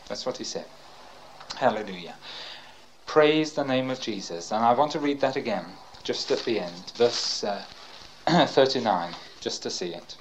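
An older man preaching a fervent sermon and reading scripture aloud. His pitch leaps and falls all over the place, and he breaks in with praise. He swings between ringing cries and near-whispers. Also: animated, normal speed, a little hiss or hum, low-quality recording. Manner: fervent, interjects praise, swings from loud cries to hushed tones.

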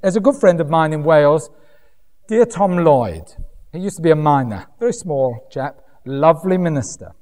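A man from Britain preaching a sermon in an animated way, swooping up and down and acting out other people's voices. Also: a little high, moderate pace. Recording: reverberant hall.

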